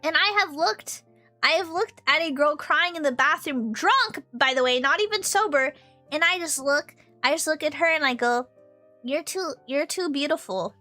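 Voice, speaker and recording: A young woman chats on a stream, high-pitched and lively, her voice leaping up and down as she tells stories. The tone is bright and clear, and laughter keeps spilling into the talk. Faint music plays softly behind her. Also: moderate pace. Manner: animated storytelling, frequent laughter. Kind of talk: casual chat.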